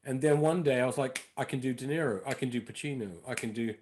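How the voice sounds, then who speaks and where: A comedian and impressionist talking as a podcast guest, telling stories in an animated way and slipping in and out of voices. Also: male voice, medium pitch, fast talker, a little hiss or hum. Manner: animated storyteller, slips into impressions. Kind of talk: casual interview chat.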